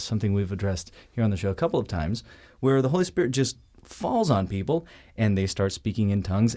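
Male host, lowish voice, lively lecturing style, pops into quoted voices, tags points with "okay?". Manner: animated, acts out quoted voices, checks in with "okay?" and "see?". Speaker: show host. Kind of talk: conversational teaching talk.

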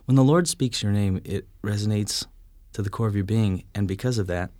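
A man with a somewhat low voice tells stories from his life in casual conversation. He is animated, chuckling and slipping into bits of acted-out dialogue. The sound is dry and close. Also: brisk, dry recording.

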